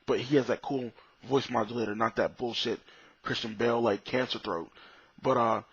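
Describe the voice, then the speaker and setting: A man's voice: medium pitch, steady tone, normal speed, a bit bright, breathy edge, no echo. Blunt, profane man reviewing a film. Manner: blunt, profane and opinionated, with restarts. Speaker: movie reviewer. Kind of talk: casual spoken movie review. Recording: dull, slightly lo-fi dry recording.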